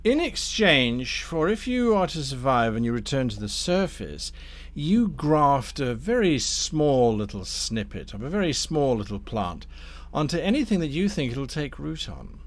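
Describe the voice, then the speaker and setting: A man voicing a smooth, polite devil who offers scheming deals in a tabletop game. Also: medium pitch, sing-song, a little slow. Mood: persuasive. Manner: polite, silky, persuasive.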